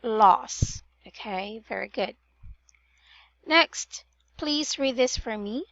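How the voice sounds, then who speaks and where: Woman, pronunciation tutor, unhurried, corrective, somewhat muffled call audio. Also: on the high side, gravelly, fairly bright tone, dry recording. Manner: patient, drills words and corrects vowels. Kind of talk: online one-on-one tutoring.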